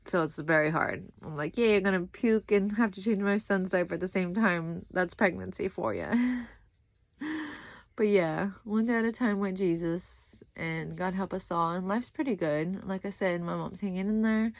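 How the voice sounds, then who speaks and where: A woman's voice: mid-range voice, normal speed, gravelly, no echo. A young woman chatting casually in a rambling vlog, sleepy and often saying "like I said" as she drifts between topics. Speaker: vlogger.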